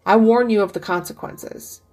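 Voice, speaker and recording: A woman voicing a weary old soldier in a story reading, speaking slowly and solemnly. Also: mid-range voice, darkish tone, natural voice. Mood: grave. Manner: grave, slow and solemn. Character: grave, weary old soldier, a sergeant major.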